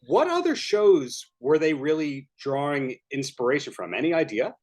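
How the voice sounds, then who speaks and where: A man's voice: fairly high pitch, sing-song, normal speed, a little mellow. A man hosting a podcast, asking friendly questions over a video call. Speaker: podcast host. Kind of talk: interview.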